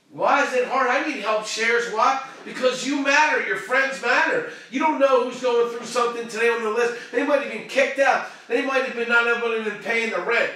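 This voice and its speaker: A man hosting a show and giving a fervent, preachy motivational pep talk that swings from shouting to hushed tones. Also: very high voice, heavy reverb, far from the mic. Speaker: motivational live-stream host.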